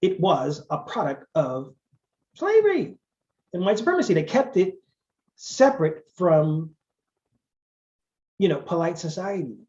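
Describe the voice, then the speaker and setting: A man's voice: high voice, very animated, measured pace, long pauses, darkish tone, lo-fi sound. Emphatic man lecturing. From Charleston, South Carolina. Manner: emphatic, conversational, wry asides. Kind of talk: guest lecture.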